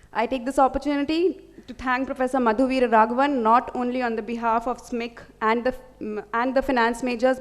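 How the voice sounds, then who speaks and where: Earnest student reading thanks. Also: female voice, fairly high pitch. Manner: read from notes, earnest. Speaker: student giving vote of thanks. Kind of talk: prepared vote of thanks speech. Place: large auditorium hall. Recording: reverberant hall.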